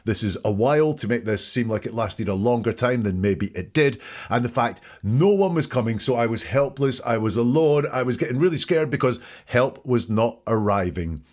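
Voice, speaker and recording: Male podcast host, analytical, methodical, mid-pitched voice. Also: animated, normal speed. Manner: methodical, picks apart wording. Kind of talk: analytical commentary.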